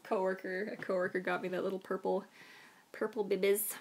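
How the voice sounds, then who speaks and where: A woman's voice: mid-range voice, level tone, a little fast, background noise. A woman casually answering viewer questions on a live stream, chatty and rambling, unwell with throat trouble. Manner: chatty, rambling, soothing her dog in whispers.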